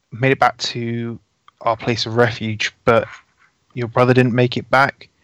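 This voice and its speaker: Man, mid pitch, casual player, dry sound, tabletop game. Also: fairly bright tone, no echo. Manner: casual, bantering, in-character speeches.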